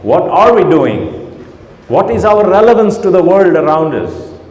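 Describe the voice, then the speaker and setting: A man giving a religious talk to a gathering, asking repeated rhetorical questions and dropping to soft tones. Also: high voice, sing-song, a little slow. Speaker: speaker at a community iftar gathering. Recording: echoey hall with faint ambience.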